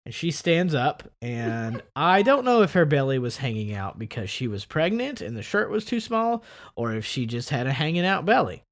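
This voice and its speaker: A man co-hosting a podcast, telling a story in casual chat and acting out the people in it. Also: normal speed. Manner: animated, acts out quoted people with big pitch jumps. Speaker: podcast co-host.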